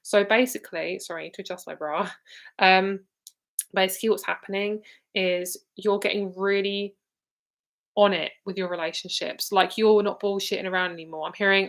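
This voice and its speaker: A young woman gives card readings on a live stream. She talks in a loose, rambling way, fills her sentences with "like" and swears now and then. Her voice sits at a middling pitch. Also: fairly even intonation, normal speed, a bit bright. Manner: chatty, rambling, full of "like", casual swearing. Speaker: tarot and psychic reader.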